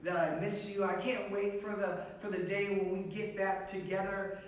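A man's voice: sits high, little pitch movement, moderate pace, very echoey, far from the mic, low-quality recording. A man preaching a sermon as pastor, earnest and emphatic, repeating key phrases.

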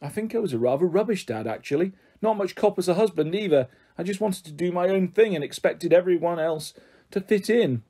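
A man's voice: sits high, expressive, brisk, mellow, husky. A man reading the part of a kind, patient older man who talks in a coaxing, reassuring way. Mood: reflective. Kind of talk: audiobook character voice.

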